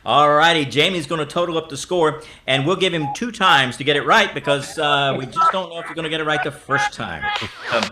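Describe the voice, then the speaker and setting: A man hosting an improv comedy game, calling on players and chuckling at their jokes. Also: on the high side. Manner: brisk, calls on players and chuckles often. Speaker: improv referee and emcee. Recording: noisy with clicks.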